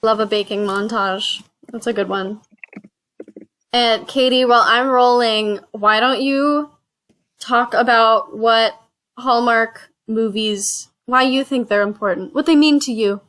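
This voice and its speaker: A woman with a slightly high voice hosts a casual board game session. She reads out each card, counts the spaces aloud and drops in chatty asides between rolls. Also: measured pace, a bit bright. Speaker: host.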